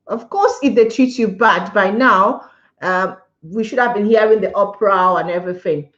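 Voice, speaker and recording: A woman's voice: medium pitch, measured pace, a bit bright. Emphatic woman on a lo-fi livestream. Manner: emphatic, opinionated, repeats points, chats with viewers. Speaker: livestream host. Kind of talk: casual live-stream commentary.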